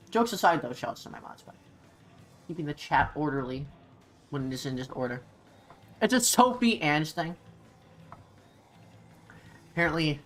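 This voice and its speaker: A young woman streaming a game, chatting casually with her viewers, giggling and eating as she talks. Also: low-pitched. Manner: chatty, giggly, eats while talking. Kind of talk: casual livestream chat while gaming. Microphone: desk mic, no face cam.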